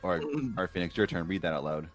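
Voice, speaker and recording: A man's voice: low voice, expressive, quick pace, soft background music. A man chatting as a live-stream guest in a laid-back, joking way. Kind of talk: casual group chat on a live stream.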